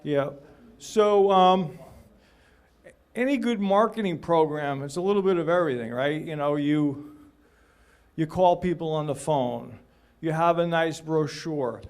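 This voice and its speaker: A man's voice: a little high, a little slow, a little mellow, clean tone. Chatty middle-aged man telling shop stories. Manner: chatty, anecdotal, jokey. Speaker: real estate videographer presenting. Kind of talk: casual talk at a group meeting.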